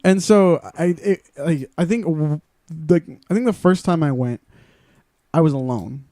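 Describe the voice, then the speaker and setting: Young male co-host, halting and hesitant, somewhat high and mellow, dry close mic. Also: no echo. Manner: hesitant, halting, many restarts. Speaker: podcast co-host. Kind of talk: casual chat.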